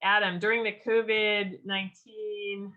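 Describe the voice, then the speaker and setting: A woman leading an online writing workshop over a video call, teaching in a lively, enthusiastic way with frequent ums and restarts. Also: medium pitch, unhurried, phone-quality sound. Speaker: workshop leader.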